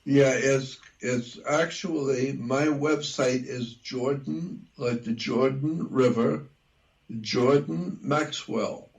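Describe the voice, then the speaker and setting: A man with a gravelly, creaky voice speaks as an interview guest. He talks very slowly and deliberately, spelling out words and repeating details so they stick. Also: medium pitch, fairly even intonation. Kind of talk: conversational interview.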